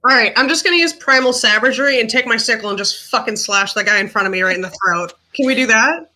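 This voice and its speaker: A woman's voice: on the high side, fast, pushed and bright, rough recording. A woman playing an online tabletop game, chatting casually and bluntly with frequent swearing. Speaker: player.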